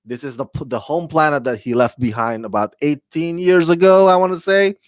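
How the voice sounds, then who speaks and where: In a dry recording, a man with a medium-pitched voice reviews a TV episode in a casual chat. He rambles, restarts often, uses plenty of fillers and laughs at his own mistakes.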